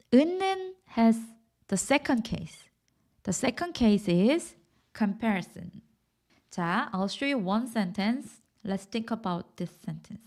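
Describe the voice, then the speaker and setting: A Korean-accented woman with a medium-pitched, darkish voice gives an English grammar lesson. She goes over example sentences patiently and quizzes her learners to make sure they follow.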